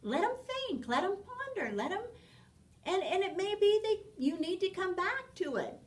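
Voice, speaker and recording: A woman teaching a parenting class, lively, acting out short exchanges with children as she explains. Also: very high voice, normal speed, far from the mic, rough recording. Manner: animated, acts out little dialogues with children. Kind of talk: spoken class lecture.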